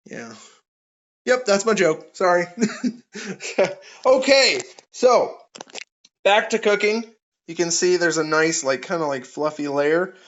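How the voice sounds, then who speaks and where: Goofy guy cooking soup live, bouncy highish voice, kinda muffled audio. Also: slow, long pauses, fairly bright tone. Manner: playful, goofy sound effects. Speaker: cooking streamer. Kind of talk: casual live-stream cooking chat and joke telling. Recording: dull lo-fi audio.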